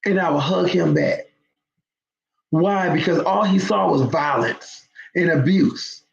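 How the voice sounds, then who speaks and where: A woman's voice: lowish voice, takes it slowly, gravelly. A woman hosting her show, telling a story to viewers in an emphatic, conversational way. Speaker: host. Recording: roomy, dull lo-fi sound.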